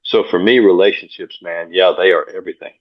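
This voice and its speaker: A man, a pastor and coach, guesting on an interview show and telling stories in an energetic way, often repeating words as he goes. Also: deep voice, brisk. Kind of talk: casual interview storytelling. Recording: dull lo-fi sound.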